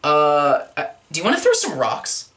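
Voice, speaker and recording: A man's voice: a little high, moderate pace. A man doing awkward young Peter Parker. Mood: deadpan. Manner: hesitant, rambling, deadpan. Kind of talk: comedy podcast sketch.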